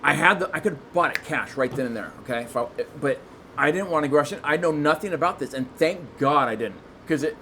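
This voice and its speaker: Excitable rambling male podcast guest, slightly high pitch, light background noise. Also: quick pace. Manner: excitable, rambling, many restarts. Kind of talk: casual storytelling chat.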